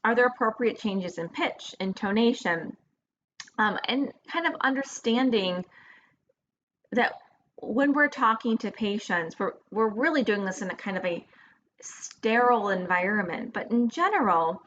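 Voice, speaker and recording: A woman's voice: mid-range voice, animated, a little slow, a bit bright. A woman giving a recorded lecture in a casual, hesitant way with fillers and restarts. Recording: dull lo-fi recording with faint noise.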